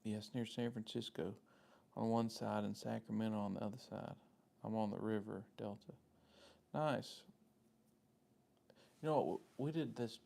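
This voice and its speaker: A man's voice: medium pitch, creaky, warm tone. A man with a Southern US accent hosting a casual live stream, rambling in a friendly way as he answers viewers' comments by name. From Southern United States.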